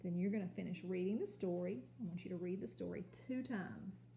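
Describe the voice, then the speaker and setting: A woman teaching a kindergarten home lesson on video, sounding out letters and words slowly and patiently. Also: on the low side, gravelly, dark tone, echoey room, a little hiss or hum. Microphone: phone or camera.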